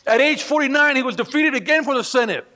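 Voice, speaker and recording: A man preaching a sermon in church, telling stories with animated delivery and acting out the people he quotes. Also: extremely high pitch, quick pace. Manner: animated storytelling, acts out quoted voices. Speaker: pastor. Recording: long reverb of a hall.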